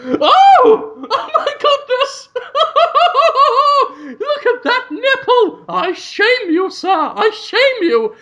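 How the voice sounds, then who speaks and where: A screeching, hysterical coworker. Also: male voice, very animated, extremely slow, sharp tone, full character voice. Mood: mocking. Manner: screeching, cackling, very high. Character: shrill hysterical male coworker, mocking and screeching.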